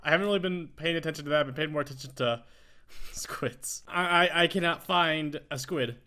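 A man hosting a casual Minecraft let's play, chatting excitedly as he plays and talking to the animals he finds. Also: a little high, a little fast. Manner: excitable, talks to in-game animals. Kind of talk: casual gameplay commentary.

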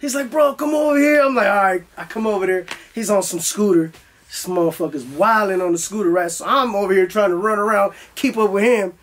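A man's voice: sits high, fairly quick, fairly bright tone. A young man telling a story in a loose, profane style, acting out his own voice as he goes. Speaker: guest. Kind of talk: casual storytelling.

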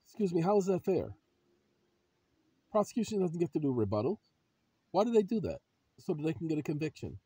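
A man with a husky, slightly rough voice hosts his own video channel. He talks straight to his viewers, calling them ladies and gentlemen, and lectures them with one pointed question after another. The sound is dry, with no room around it. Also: on the high side, dry recording. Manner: preachy, fires rhetorical questions at viewers. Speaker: channel host. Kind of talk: emphatic vlog commentary.

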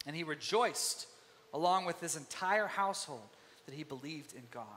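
High-voiced animated preacher in a reverberant hall. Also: male voice, normal speed, slight background noise. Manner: animated, acts out biblical voices. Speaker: pastor. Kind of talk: sermon. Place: church sanctuary.

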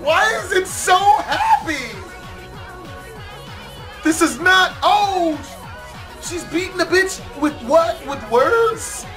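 High-voiced man shouting reaction commentary. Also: lively intonation, slow pace, long pauses, music in the background. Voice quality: loud, shouting exclamations, frequent laughter. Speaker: reaction video host.

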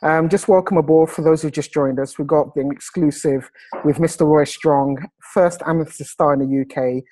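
A man hosting a video call, enthusiastic and salesy, slowing down to stress his points. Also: on the high side, fairly even intonation, a little mellow, dry recording, poor audio. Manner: enthusiastic, salesy, slows down for emphasis. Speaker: host.

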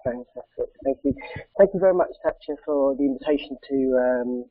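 A man in his thirties or forties with a croaky voice from a cold, giving a hesitant online presentation full of ums and uhs. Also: medium pitch, brisk, no echo. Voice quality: croaky, gravelly. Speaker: charity president giving a talk. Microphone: video call. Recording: tinny dry phone-like call audio.

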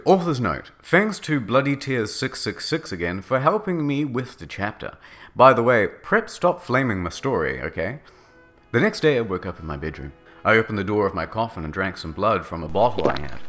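A man narrating a comedic dramatic reading with a mocking, lively delivery. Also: lowish voice.

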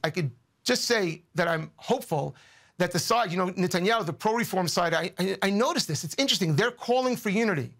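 A man's voice: high voice, animated, brisk, a bit bright. A man speaking as a guest commentator in a news interview, earnest and emotional, often repeating words as he searches for them.

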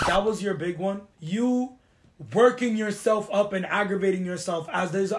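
A young woman from the US East Coast hosting a chat show, ranting in a confrontational, animated way and slipping into Spanish phrases. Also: mid-range voice. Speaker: podcast host. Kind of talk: heated casual chat.

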